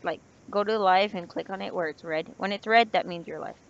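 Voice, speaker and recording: A woman's voice: mid-range voice, fairly quick, gravelly, lo-fi sound, a little hiss or hum. A woman co-hosting a casual live stream who often bursts into giggles.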